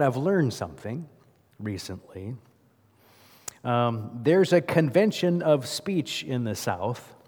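A man's voice: fairly high pitch, a little mellow. A male pastor preaching a sermon in a church, in a conversational way that asks the congregation questions. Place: church sanctuary. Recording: long hall reverb.

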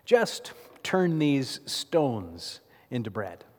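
A man preaching a sermon, voicing the devil as a smooth male tempter who coaxes slowly. It is heard in a large church. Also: mid-range voice, very animated, a little mellow, full character voice. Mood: coaxing. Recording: long church reverb.

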